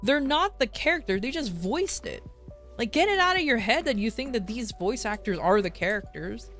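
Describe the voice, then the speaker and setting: A woman's voice: a little high, lively intonation, moderate pace, a bit bright, faint music behind. A woman streamer in a casual livestream chat, ranting bluntly with swearing and frequent restarts.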